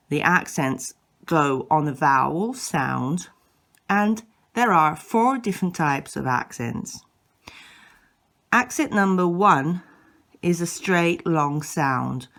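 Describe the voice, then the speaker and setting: Slow, low-voiced woman teaching patiently. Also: fairly bright tone. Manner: patient, repeats and demonstrates sounds, occasional self-corrections. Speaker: language teacher. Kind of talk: slow instructional explanation.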